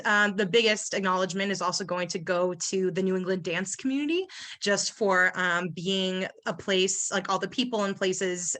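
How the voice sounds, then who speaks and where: A woman's voice: fairly low pitch, a bit bright. Bubbly young woman presenting her thesis. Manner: bubbly and effusive. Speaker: graduate student presenter. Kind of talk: thesis presentation on a video call. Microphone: video call.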